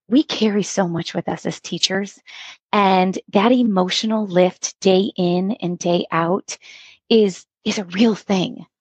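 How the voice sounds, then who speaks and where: A woman's voice: medium pitch, husky, no echo, low-quality recording. Earnest woman instructional coach. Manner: earnest, animated storytelling with acted quotes. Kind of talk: podcast interview storytelling.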